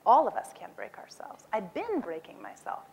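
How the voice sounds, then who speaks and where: A woman in her forties giving a talk on stage, lively and acting out her own lines with a raised voice. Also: a little high, moderate pace, vocal fry, faint music behind. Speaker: speaker. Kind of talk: animated personal storytelling talk.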